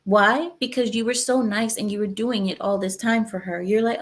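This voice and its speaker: A woman's voice: a little high, fairly even intonation, moderate pace. A woman hosting her channel, giving emphatic, repetitive, lecturing commentary on a clip. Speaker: channel host reacting to clips. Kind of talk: opinionated commentary.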